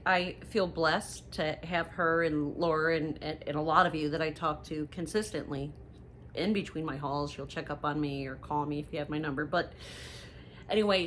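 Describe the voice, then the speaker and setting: A middle-aged woman chatting casually to viewers in a haul video, rambling and gossipy with lively asides. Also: deep voice, normal speed, a little hiss or hum. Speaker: haul vlogger.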